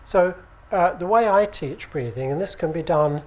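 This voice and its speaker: British man giving a relaxed talk. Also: high-pitched, normal speed. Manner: relaxed, conversational, asks the audience for agreement. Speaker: acupuncture teacher. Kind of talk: conference lecture. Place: conference room with audience. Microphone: handheld microphone.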